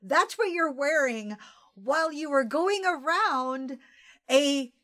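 An American woman chats with a co-host, and her voice sits a little high. She tells travel stories as a swearing, animated rant. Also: slow. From United States. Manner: animated, profane, storytelling rant. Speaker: podcast co-host. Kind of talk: casual chat.

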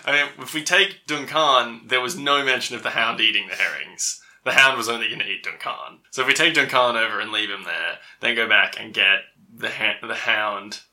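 A man playing a tabletop game, reasoning aloud in animated banter. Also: medium pitch, normal speed. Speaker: player.

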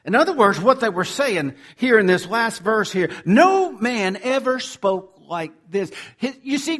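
Pastor guy preaching, high voice that jumps all over the place, goes loud then almost whispers. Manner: animated preaching, swinging from loud to near-whisper. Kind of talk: sermon.

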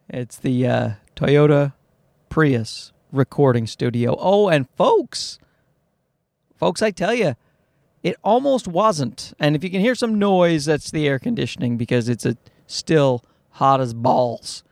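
A man's voice: fairly high pitch, lively intonation, unhurried, gravelly, no echo, studio quality. A man in his thirties hosting a podcast, rambling profanely and doing jokey voices for the people he quotes. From Canada. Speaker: podcast host. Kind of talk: casual comedic monologue. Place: small car-based home studio with air conditioning.

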